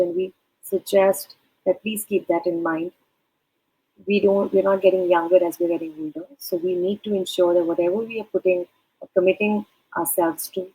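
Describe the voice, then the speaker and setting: A woman in the role of a career advisor, speaking directly to the listener in a measured, advising way. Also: mid-range voice, darkish tone, slightly rough, rough recording. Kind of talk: advice talk.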